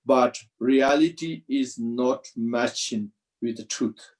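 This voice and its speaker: Brief: male Buddhist teacher, unhurried, halting restarts, video-call audio. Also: mid-range voice, darkish tone, rough recording. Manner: slow, halting non-native English with restarts. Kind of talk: dharma teaching commentary.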